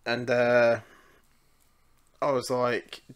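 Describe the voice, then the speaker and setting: A young man chats casually and laughs easily. His voice sits at an ordinary pitch, and he swears freely as he tells his own stories. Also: level tone, drawn-out words, clean tone. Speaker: podcast co-host. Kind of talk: casual chat.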